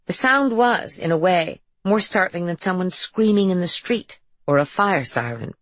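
A woman reads an audiobook in a low, husky voice with a creaky fry at the bottom. The recording is dry and close, with no room sound. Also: animated, moderate pace, no room sound. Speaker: audiobook narrator. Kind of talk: scripted narration.

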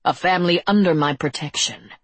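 A woman voicing a calm, smiling male crime boss who speaks with cool control in a storybook reading. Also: lowish voice, a little fast, husky, no room sound. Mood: cold rebuke.

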